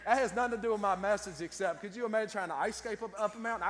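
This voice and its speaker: A man with a high voice preaches to a congregation in a folksy, looping style, doubling back on his words. His voice rings out with a long echo through the church hall. He reads scripture and keeps urging his listeners on. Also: fast, hardly any pauses, fairly bright tone. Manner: folksy, repeats words, Southern-style grammar. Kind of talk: sermon. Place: church sanctuary.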